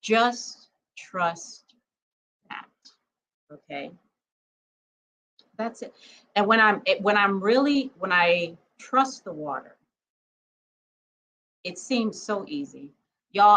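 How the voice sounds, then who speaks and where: A woman's voice: mid-range voice, expressive, slow pace, long pauses, pushed and bright, rough recording. A woman talking in a casual vlog monologue. She is emphatic, speaks straight to her viewers, keeps asking "okay?", and laughs easily. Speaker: spiritual vlogger.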